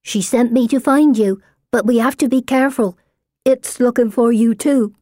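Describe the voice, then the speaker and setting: A woman voicing an eerie, grubby girl of about eight who speaks quietly and matter-of-factly in an audiobook. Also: fairly high pitch, normal speed, dry recording, clean studio sound, natural voice.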